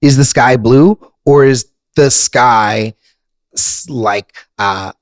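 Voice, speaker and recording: A man's voice: mid-range voice, slow pace, no echo, studio quality. A man co-hosting a music podcast, casually explaining songwriting tips for beginners in a teacherly way. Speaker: podcast co-host. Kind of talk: casual chat about songwriting.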